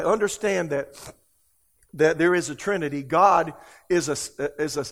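A man's voice: fairly high pitch, a little slow, creaky, long pauses. Emphatic pastor, a man preaching. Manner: emphatic, repeats words for stress; swings between loud exclamations and hushed lines. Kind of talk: sermon.

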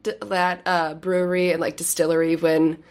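A woman's voice: fairly low pitch, level tone, moderate pace, clean tone. A woman in her thirties co-hosting a podcast, chatting casually and rambling with many fillers. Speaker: podcast co-host. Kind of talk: casual chat.

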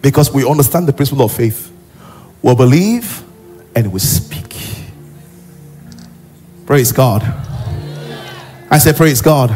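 A male pastor with a Nigerian accent preaching a sermon emphatically, rising into shouts and sing-song. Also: mid-range voice, lively intonation, slow, pauses often, soft background music, some chatter behind.

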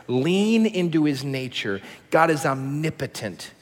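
A man in his thirties preaching a sermon as a pastor, telling stories with lively shifts between hushed and excited delivery. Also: fairly high pitch, moderate pace, hardly any pauses, big-room sound.

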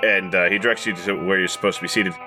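A man's voice: sits low, fairly even intonation, quick pace, over music. A man narrating as game master of a tabletop game, wry and a bit hesitant.

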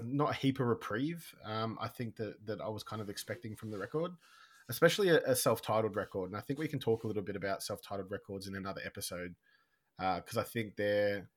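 A man co-hosting a music podcast in casual chat, talking fast with a slight lisp. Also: lowish voice. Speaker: podcast co-host.

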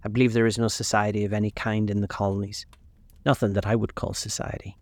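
A man's voice: on the low side, level tone, fast, no echo, natural voice. A man voicing a faded older actress and mother with a fussy, theatrical manner. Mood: sorrowful.

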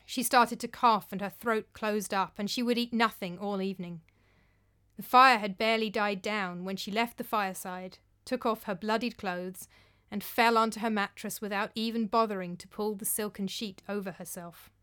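A woman narrating a storybook tale in a calm, measured, clear way. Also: mid-range voice.

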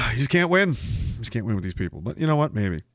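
A man hosting a podcast, ranting with sarcasm and bursting into shouting now and then. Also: medium pitch, sing-song, brisk, no echo, studio quality. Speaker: podcast host. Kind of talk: ranting commentary.

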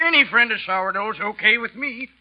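A rowdy cowboy pal, played by an actor hollers folksy slang in a high voice. He comes through a muffled old radio broadcast. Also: moderate pace, natural voice. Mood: hearty. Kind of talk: 1940s radio acting.

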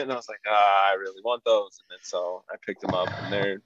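A man's voice: on the low side, fairly even intonation, fast, a bit bright, muffled recording. A man in casual podcast chat, talking in a laid-back, loose way with lots of "like". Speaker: podcast participant.

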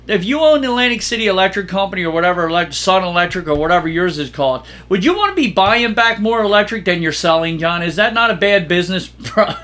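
Quick and high-pitched, this man rarely pauses while co-hosting a casual podcast. He's an energetic storyteller who acts out every quoted exchange.

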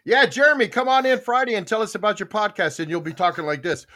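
A man in his seventies runs a casual podcast panel with excitable, emphatic energy. His voice sits high and swings widely in pitch. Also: fast talker. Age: 70s. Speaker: podcast host.

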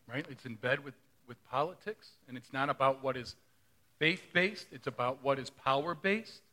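A man's voice: mid-range voice, sharp tone. A middle-aged male pastor preaching a sermon in a conversational way, often asking the congregation questions.

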